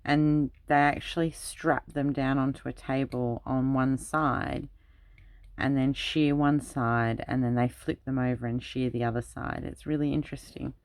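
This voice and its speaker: Speaking at an extremely low pitch with fairly even intonation, this woman keeps a measured pace and a darkish tone in a dry recording. She's a craft channel host and a parent, chatting casually while she works and telling long, rambling stories from her childhood.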